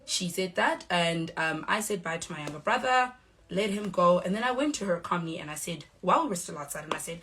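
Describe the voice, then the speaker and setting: Young South African woman, firm and measured, speaking low, recounting events on camera. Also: lively intonation, a bit bright, slight background noise. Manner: measured, firm, acts out quoted exchanges. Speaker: reality show cast member. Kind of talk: direct-to-camera statement.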